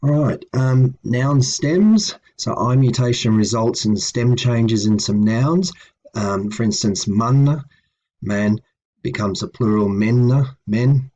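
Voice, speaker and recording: A man giving a patient, methodical lesson on old language grammar, pausing with ums and correcting himself as he goes. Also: medium pitch, warm tone, lo-fi sound. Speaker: language teacher. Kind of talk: explanatory lecture.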